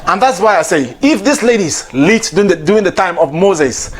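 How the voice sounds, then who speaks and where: A man with a Nigerian accent delivering a playful, animated comic monologue with preachy asides as host. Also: high-pitched, normal speed, slightly rough. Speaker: stand-up comedian host.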